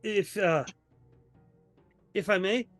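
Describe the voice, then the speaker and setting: A man's voice: high voice, slow pace, fairly bright tone, dry recording, faint music behind. Flustered, polite man with a put-on accent. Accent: put-on in-character accent. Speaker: tabletop game player. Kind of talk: in-character tabletop role-play.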